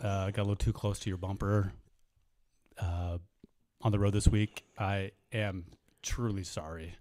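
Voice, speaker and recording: A man's voice: low voice, fairly even intonation, unhurried, a little mellow, no echo. A man co-hosting a casual sports podcast, talking in an earnest, mock-mournful way with frequent restarts. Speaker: podcast co-host.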